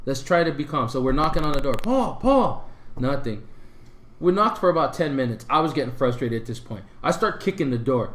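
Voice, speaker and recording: Man, casual podcast storyteller, rambling, animated, ordinary pitch, echoey room. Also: fast talker, hardly any pauses. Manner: rambling, animated retelling with filler words. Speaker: podcast co-host. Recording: roomy echo.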